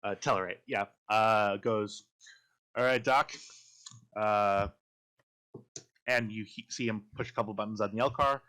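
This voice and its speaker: A man's voice: lowish voice, steady tone, moderate pace, a bit bright. A man with a Midwestern accent, running a tabletop role-playing game as game master, hesitant and full of ums and restarts. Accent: Midwestern American. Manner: hesitant, lots of ums and restarts, laughs often. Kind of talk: narrating a tabletop game over a call.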